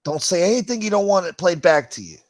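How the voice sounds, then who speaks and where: A man with a high-pitched, slightly mellow voice talks fast and animatedly, with no echo. He hosts a livestream, reading chat comments out and riffing on them in profane, rambling, wisecracking fashion, calling people "boy."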